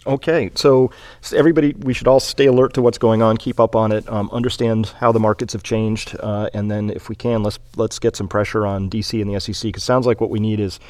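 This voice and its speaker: Lowish male radio host, dry studio sound, kinda halting when asking stuff. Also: flat delivery, a little mellow, no echo. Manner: hesitant, many fillers and restarts while framing questions. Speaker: interviewer host. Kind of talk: radio interview.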